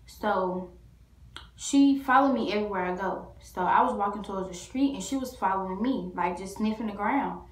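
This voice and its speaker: A woman's voice: medium pitch, moderate pace. A woman vlogger telling a story casually to camera, rambling with many fillers and restarts. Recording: echoey room.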